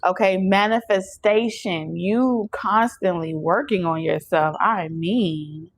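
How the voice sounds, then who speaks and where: A woman giving a loose, chatty tarot reading straight to camera. She preaches and jokes in an animated way, laughing often as she speaks to her viewers. Her voice sits at a middle pitch. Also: slow pace, rough recording. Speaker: tarot reader. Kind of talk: casual channeled tarot reading.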